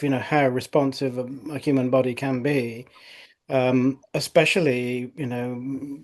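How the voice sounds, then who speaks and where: Man, middle-aged, osteopath, mid-pitched voice, chatty podcast storytelling, lots of fillers. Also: darkish tone. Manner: conversational storytelling with frequent fillers. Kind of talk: podcast conversation.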